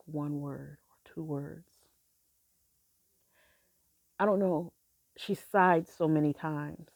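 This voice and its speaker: Middle aged woman, gravelly low-key voice, slow soft halting storytelling, dry sound. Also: dry recording. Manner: halting, soft-spoken, with many pauses and fillers. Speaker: grieving mother sharing her story. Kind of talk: reflective personal storytelling.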